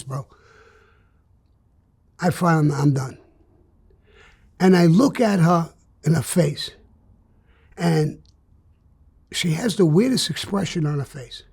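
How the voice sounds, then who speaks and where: A New man with a husky, breathy edge tells a crude joke story during an interview. He curses freely and swings from hushed asides to loud, animated bursts. His voice sits slightly high for a man. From New York. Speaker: interview guest.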